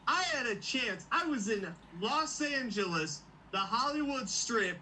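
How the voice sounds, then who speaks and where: High-voiced guy, really sharp and bright, cussing and laughing, kinda far from the mic with light hiss. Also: expressive, measured pace. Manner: swears a lot, laughs while talking. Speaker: podcast co-host. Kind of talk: casual chat. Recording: distant mic with faint hiss.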